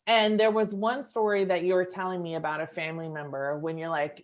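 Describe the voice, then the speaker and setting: Woman in her 50s, coach vibe, calm and measured, thinks out loud. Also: lowish voice. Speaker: coach and host. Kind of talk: reflective coaching conversation.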